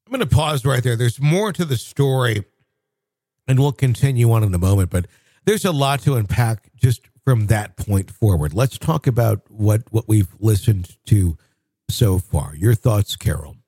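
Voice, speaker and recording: A man hosting a podcast, pausing the story and inviting discussion in a measured way. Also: fairly low pitch, lively intonation, warm tone, husky, no room sound. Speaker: host.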